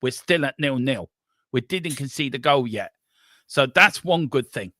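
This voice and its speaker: A man hosting a football watchalong, calling the play live with excitable banter. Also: medium pitch, a little slow, no room sound, clean studio sound. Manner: excitable, running commentary with banter. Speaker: watchalong host.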